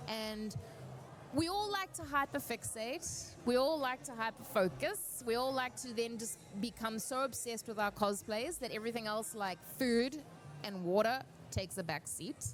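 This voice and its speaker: Animated, slightly high-voiced woman giving advice. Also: normal speed, soft background music. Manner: animated storyteller, earnest and encouraging. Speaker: cosplay panel speaker.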